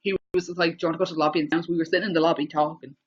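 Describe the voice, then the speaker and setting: A woman, telling a rambling story on a live stream, with many restarts and excited repeats. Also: low-pitched, very fast, breathy edge. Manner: breathless, repetitive, excitable retelling. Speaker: livestreamer. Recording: dull lo-fi livestream audio.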